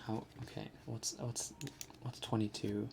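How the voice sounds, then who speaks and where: Soft-spoken young man chatting on an ASMR stream. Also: lowish voice, little pitch movement, unhurried, vocal fry, very noisy. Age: 20s. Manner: soft-spoken, drifting into whispers. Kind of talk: ASMR live stream chat.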